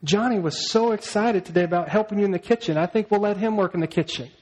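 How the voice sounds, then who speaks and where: A man's voice: high voice, quick pace, a little mellow, pitched above the performer's own voice. A pastor voicing a sly little girl who gloats over her brother in a sermon story. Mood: sweetly scheming.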